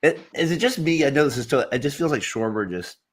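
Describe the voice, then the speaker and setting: A man co-hosting a casual sports chat, rambling and halting with many fillers. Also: mid-range voice, animated, slightly rough. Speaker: co-host.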